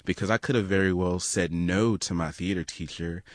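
A young man with a low, deep voice tells a personal story in an earnest, reflective way. The sound is dry and close, with no room echo. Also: steady tone, normal speed. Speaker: storyteller and guest. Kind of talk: personal story told to an audience.

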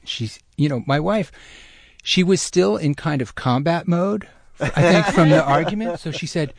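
A middle-aged man telling a personal story in a lively, self-deprecating way, with many restarts. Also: on the high side, normal speed, creaky, no echo, clean studio sound. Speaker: storyteller guest.

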